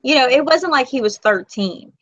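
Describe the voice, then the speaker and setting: A woman in her forties hosting a casual live chat, talkative and emotional, quick to tear up. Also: sits high, lively intonation, a bit bright. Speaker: host. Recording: dull, lo-fi, dry.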